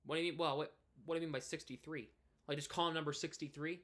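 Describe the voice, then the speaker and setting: A man's voice: on the high side, fairly even intonation, quick pace, fairly bright tone. A man of twenty from New England, chatting casually on a live stream and rambling through many restarts and fillers. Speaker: live streamer and hockey podcaster.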